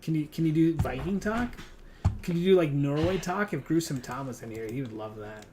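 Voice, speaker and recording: A man's voice: a little high, lively intonation, fairly quick, over music. A man streaming a hunting game, chatting casually and teasing a friend with lots of fillers. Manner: rambling and teasing, with frequent fillers. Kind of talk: casual gaming stream chat.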